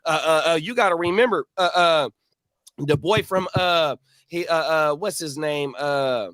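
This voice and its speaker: Male co-host, higher voice, argumentative and full of fillers, dry close sound. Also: moderate pace, a bit bright, no echo. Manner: argumentative, filler-heavy, says bro a lot. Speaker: podcast co-host. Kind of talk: casual chat.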